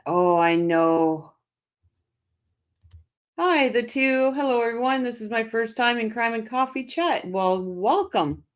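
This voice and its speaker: A woman's voice: on the high side, unhurried, pauses often. Chatty middle-aged woman hosting a livestream. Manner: chatty, reads comments aloud, frequent restarts. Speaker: livestream host. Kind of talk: casual livestream chat reading viewer comments.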